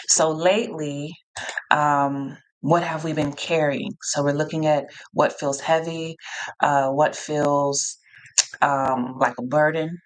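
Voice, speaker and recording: A woman hosting a live-streamed Q&A, reading out chat replies in an energetic, encouraging way and often repeating herself. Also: low voice. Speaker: live Q&A host, coach.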